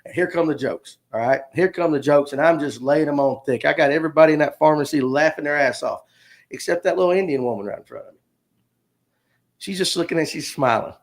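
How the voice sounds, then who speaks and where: A man's voice: a little high, fast talker. A man, hosting a livestream and telling a rambling, jokey story straight to his viewers. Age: 50s. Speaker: podcast host.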